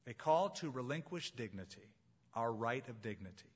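A man preaching a sermon as pastor, emphatic and slowing down to stress key phrases. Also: mid-range voice, big pitch swings, fairly bright tone, slightly rough, lo-fi sound.

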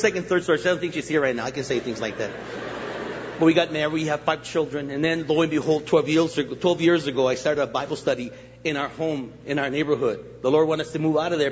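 A middle-aged man preaching a testimony sermon as a guest pastor, acting out scenes and swinging from loud to hushed. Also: on the high side. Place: church sanctuary. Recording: dull recording with long hall reverb, faint noise.

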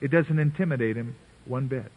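A man's voice: mid-range voice, brisk, husky. A man preaching an earnest, conversational sermon, playfully voicing biblical characters as he reads. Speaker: pastor. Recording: tinny phone-like radio broadcast.

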